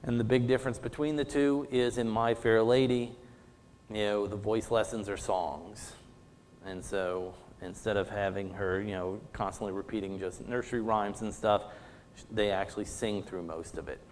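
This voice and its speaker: A man's voice: fairly low pitch, steady tone, moderate pace, darkish tone, big-room sound, a little hiss or hum. A man teaching a theatre class in a conversational lecture, full of "you know" fillers and paraphrased quotes. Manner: paraphrases characters in quoted speech. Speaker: theatre instructor.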